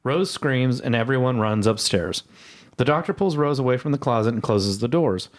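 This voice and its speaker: A man's voice: mid-range voice, animated, moderate pace. Man co-host recapping a TV episode. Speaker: podcast co-host. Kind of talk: casual chat, reading a plot recap.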